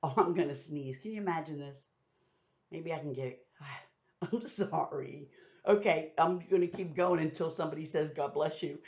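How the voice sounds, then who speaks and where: A woman's voice: deep voice, moderate pace, a little mellow. A woman giving a conversational Bible teaching, retelling scripture in everyday modern words. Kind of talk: sermon teaching. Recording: dull lo-fi sound.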